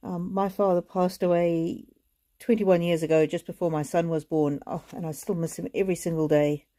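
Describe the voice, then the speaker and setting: Mellow low-voiced woman reading cards. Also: fairly even intonation, normal speed. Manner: gentle and reassuring, talks straight to viewers; emotional, close to tears. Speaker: oracle card reader. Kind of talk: live-streamed card reading.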